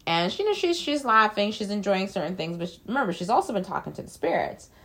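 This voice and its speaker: A woman's voice: mid-range voice, very animated, fast talker, a bit bright. A woman casually recapping a film plot in a loose, chatty way, with frequent fillers and blunt swearing. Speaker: film reviewer.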